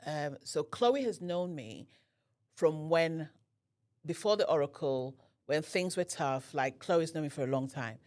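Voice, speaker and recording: A woman's voice: low voice, a little slow. A woman guest on a podcast telling a personal story and acting out the dialogue. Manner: animated, acts out quoted dialogue.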